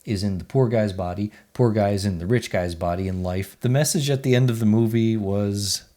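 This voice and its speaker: A man's voice: lowish voice, fairly quick, warm tone. A man, giving casual, blunt movie reviews in a chatty, offhand way. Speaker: movie reviewer, channel host.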